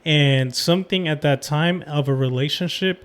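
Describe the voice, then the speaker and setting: A man's voice: on the high side, moderate pace, a bit bright. A man hosting a podcast, telling a personal story in a rambling casual way with many fillers. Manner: rambling, full of "um" and "like". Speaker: podcast host.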